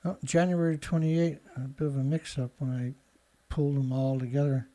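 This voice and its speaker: A man's voice: medium pitch, little pitch movement, moderate pace, warm tone. Indignant man ranting over news headlines. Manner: sarcastic, indignant, heckles headlines aloud. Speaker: show host.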